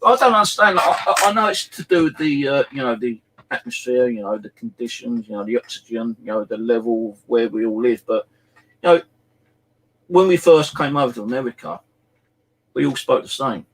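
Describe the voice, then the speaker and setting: A middle-aged man with an English accent, host of the show, chatting casually and telling animated anecdotes full of "you know" fillers. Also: medium pitch, brisk, low-quality recording. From England. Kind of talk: casual storytelling chat.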